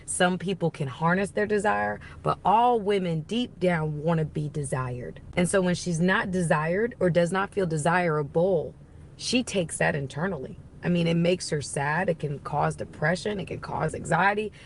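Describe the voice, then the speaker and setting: Chatty woman, lowish voice. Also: moderate pace, creaky, a little hiss or hum. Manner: chatty, explanatory. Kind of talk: casual to-camera talk.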